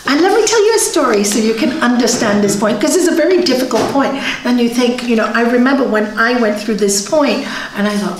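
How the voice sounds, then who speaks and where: A woman spiritual teacher giving an earnest, expressive talk that leads into a story at a yoga centre. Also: on the high side, fairly quick, hardly any pauses, slight background noise. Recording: echoey hall, mic far off.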